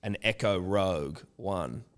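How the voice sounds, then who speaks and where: A man with a smooth, resonant and fairly low voice, chatting on a podcast. He tells stories loosely and with energy, swearing freely as he goes. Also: measured pace. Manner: animated storyteller, sweary and loose. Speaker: podcast co-host. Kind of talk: casual chat, anecdote telling.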